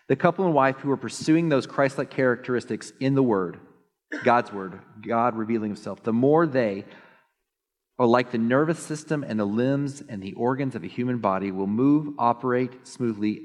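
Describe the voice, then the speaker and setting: A male pastor preaching a sermon in an animated, joking way, often mimicking others in a high voice. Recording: long hall reverb.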